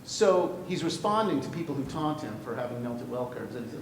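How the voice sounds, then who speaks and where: A man teaching a poetry class, animated and playful, often breaking off mid-thought. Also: fairly quick. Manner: animated, playful, self-interrupting. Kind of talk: classroom lecture. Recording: echoey classroom with faint rumble.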